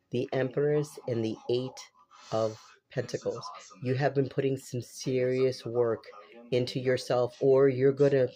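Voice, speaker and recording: A man with a stuffy, congested nose reads tarot cards in a casual, chatty way, repeating lines and dropping the odd curse. His voice has a mellow, warm tone at a middle pitch. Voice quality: unusual voice. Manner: repetitive, exclamatory, casual swearing. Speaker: tarot reader.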